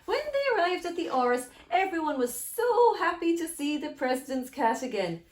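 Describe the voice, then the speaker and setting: A woman's voice: sits high, moderate pace, reverberant, a little hiss or hum. A woman reading a picture book aloud to children, often speaking to them directly. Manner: animated, addresses children directly.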